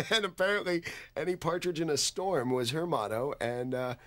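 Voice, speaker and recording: A man's voice: fairly high pitch, normal speed, fairly bright tone. A man in an interview telling a comic anecdote, laughing through his punchlines.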